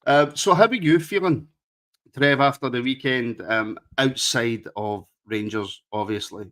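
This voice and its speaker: A man's voice: medium pitch, unhurried, fairly bright tone. A Scottish man with a Glaswegian accent, hosting a casual football podcast and teasing his co-host, often repeating his words as he talks. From Scotland.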